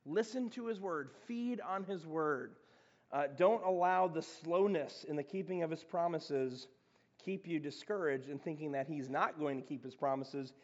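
Pastor, male, high-pitched, chatty animated preaching; muffled lo-fi recording in a reverberant church. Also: moderate pace. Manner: conversational, animated preaching with restarts. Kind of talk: sermon. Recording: dull lo-fi sound in reverberant hall.

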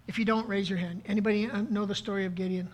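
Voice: medium pitch, fairly even intonation, racing. Pastor preaching live; interactive, call-and-response, repeats key lines for emphasis. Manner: interactive, asks the audience questions, repeats key phrases. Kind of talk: sermon to a live congregation.

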